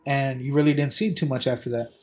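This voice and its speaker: A man in a casual podcast chat about a movie, relaxed and slangy, asking questions about the plot. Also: medium pitch, fast talker, a little hiss or hum. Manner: laid-back, uses slang like dude. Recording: dull lo-fi audio with faint music.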